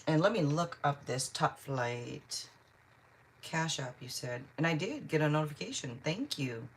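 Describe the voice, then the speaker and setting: A woman's voice: low-pitched, expressive, unhurried, slightly rough. A woman from Seattle, a tarot reader on a live stream, chatting casually and answering viewers' comments one by one. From Seattle, Washington. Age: adult.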